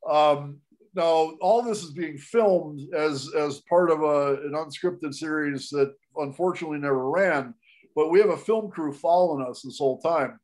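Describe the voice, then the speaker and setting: Guy telling a story on a podcast, kinda high voice, lots of restarts and laughing. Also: moderate pace. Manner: animated, with frequent restarts and laughs. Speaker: guest storyteller.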